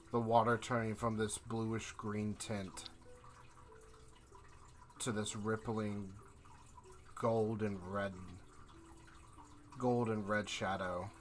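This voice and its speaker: A man narrating as game master in a tabletop game, painting scenes in slow, descriptive detail. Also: lowish voice, steady tone, slight background noise.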